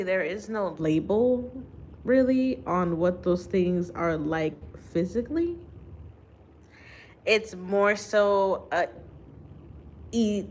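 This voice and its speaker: A woman talks through a spiritual monologue, her voice sitting a little low. She takes her time, with long pauses and restarts. A faint hiss of noise stays under her voice. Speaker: spiritual reader and vlogger. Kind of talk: unscripted spiritual monologue to camera.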